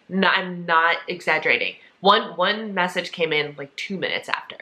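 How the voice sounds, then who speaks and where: A woman in her early thirties talks straight to her viewers in a casual vlog. Her voice is bright and forceful yet sits a little low. She sounds earnest and heartfelt as she shares what is going on. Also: moderate pace, few pauses. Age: 30s. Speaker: vlogger. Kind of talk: casual chat.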